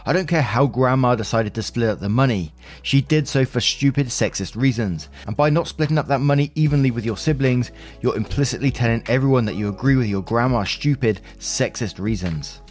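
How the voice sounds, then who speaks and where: A man's voice: mid-range voice, quick pace, faint music behind. A man reading out online advice posts and comments, adding his own blunt, opinionated commentary. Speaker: narrator reading forum posts.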